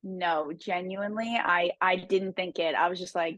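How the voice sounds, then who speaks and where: A woman's voice: lowish voice, steady tone, moderate pace, fairly bright tone, dry recording, highs cut off. Candid laughing woman from New Jersey. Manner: candid, laughs often, many "like" fillers. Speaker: guest, dating show contestant. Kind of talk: casual interview chat.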